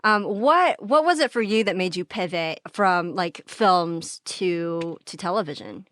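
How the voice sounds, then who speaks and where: A woman's voice: fairly low pitch, animated, unhurried, a bit bright, no room sound. A young woman hosting an interview in a chatty way, laughing often and filling her talk with casual fillers. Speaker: podcast host.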